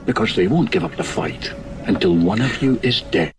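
A man playing a gruff Scottish-tinged cop. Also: fairly low pitch, normal speed, soft background music, close to an everyday voice. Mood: grim. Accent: Scottish-tinged Irish. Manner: blunt, hard-edged. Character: gruff veteran male beat cop. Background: film score.

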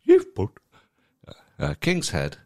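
A man co-hosting a podcast, chatty and animated, laughing often. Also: fairly high pitch, takes it slowly. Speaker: podcast co-host. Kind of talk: casual chat.

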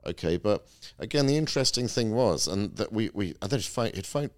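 A middle-aged father, reflective and measured, asking questions and mulling over events in a casual podcast chat. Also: lowish voice, lively intonation.

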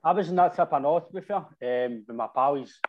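A man's voice: fairly high pitch, a little fast, phone-quality sound, slight background noise. Scottish man rambling through a story. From Scotland. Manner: rambling anecdotes with slang and frequent "right?". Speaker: football supporter telling stories. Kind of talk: casual chat.

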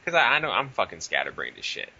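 A young man hosting a casual podcast, telling profane, animated stories with quoted dialogue. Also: lowish voice, fast, creaky, breathy edge, lo-fi sound. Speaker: podcast host.

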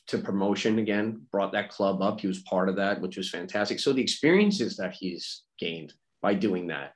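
A middle-aged man chatting as a podcast guest, telling stories in an animated way and laughing often. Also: on the low side, poor audio. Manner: animated storytelling, quick imitations, laughs often. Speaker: guest, former player and coach. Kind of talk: casual conversation.

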